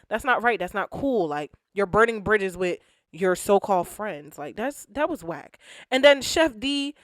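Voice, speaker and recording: A woman hosting a casual reality TV recap, talking in an animated, slangy way and acting out what people said. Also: medium pitch, no room sound, studio quality. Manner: animated, slangy, acts out quotes.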